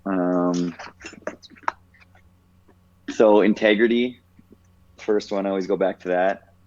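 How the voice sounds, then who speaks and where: A man's voice: sits low, fairly even intonation, slow, darkish tone, highs cut off, slight background noise. A man in his thirties, a podcast guest, telling a personal story in a casual, reflective way with many "like"s. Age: 30s. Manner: reflective, heavy use of "like".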